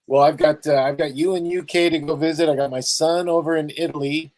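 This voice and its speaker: A man's voice: fairly high pitch, steady tone, a little fast, darkish tone, no room sound, low-quality recording. A man from Los Angeles hosting his own show, chatting loosely and rambling over a video call, with easy laughs. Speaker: talk show host. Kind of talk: casual video call chat.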